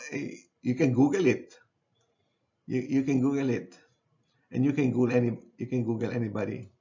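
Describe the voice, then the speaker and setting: A man at a mid pitch delivers a university lecture, pausing and restarting his sentences. He repeats phrases and keeps checking in with the class. The recording sounds dull and lo-fi. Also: darkish tone.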